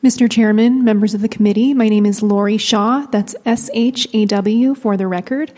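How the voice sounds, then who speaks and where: Woman reading a prepared statement at a hearing, warm low-key tone, big echoey room. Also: fairly even intonation. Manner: measured, read-out statement. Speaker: utility company representative testifying. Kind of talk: prepared public testimony.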